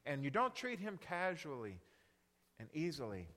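A man preaching a Bible lesson in a lively voice that climbs and falls across a wide range. He talks in an animated way and keeps asking his listeners questions. His voice sits a little high for a man, and a long reverb trails after it. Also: normal speed. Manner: animated, asks the audience questions. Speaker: Bible teacher. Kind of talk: sermon.

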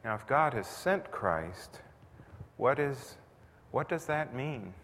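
A man's voice: medium pitch, expressive, takes it slowly, a bit bright. A man preaching a sermon in a conversational style that builds to intense emphasis. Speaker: pastor. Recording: long reverb, faint noise.

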